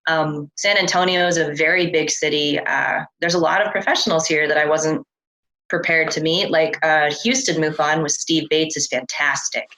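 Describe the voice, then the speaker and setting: Woman interview guest, deep voice, relaxed storyteller, chatty. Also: normal speed, low-quality recording. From California. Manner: chatty, relaxed, loose with fillers. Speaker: interview guest, experiencer researcher. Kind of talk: casual conversational storytelling.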